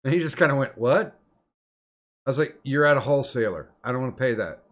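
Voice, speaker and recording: A middle-aged podcast host with a medium-pitched voice talks fairly quickly in casual chat. He tells long, rambling stories and swears often.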